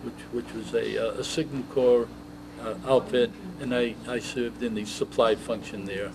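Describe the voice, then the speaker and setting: A man's voice: mid-range voice, steady tone. Elderly man reminiscing over a hiss. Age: 80s. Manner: reminiscing, halting storytelling. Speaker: veteran interviewee. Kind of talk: oral history interview.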